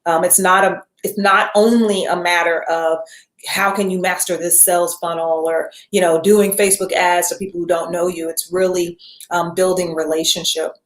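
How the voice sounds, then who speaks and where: A woman's voice: lowish voice, little pitch movement, normal speed. A woman coaching her viewers in a casual live-stream talk, chatty and rambling as she reads out viewer names. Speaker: self-care and business coach. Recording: roomy echo.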